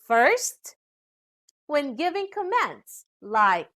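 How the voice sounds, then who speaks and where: A woman teacher with a Filipino accent reads a scripted lesson. She talks slowly and in a sing-song way, swooping widely and exaggerating the rise and fall of her voice. Her voice sits fairly high. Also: big pitch swings, a bit bright.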